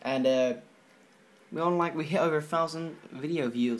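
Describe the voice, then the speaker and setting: A man's voice: fairly high pitch, fairly quick. A man vlogging in a loose, rambling way, swearing constantly as he talks to his viewers. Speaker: gaming channel vlogger. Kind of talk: rambling casual vlog.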